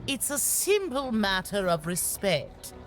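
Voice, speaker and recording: A woman with a medium-pitched, very animated voice takes her time playing a haughty video-game noblewoman fixated on titles. She lectures with disdain, and music plays behind the game audio.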